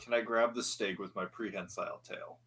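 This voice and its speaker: A man's voice: lowish voice, steady tone, brisk, fairly bright tone, breathy edge. A man taking part in a tabletop game, asking eager questions about his character's actions. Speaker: player. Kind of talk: casual game chat.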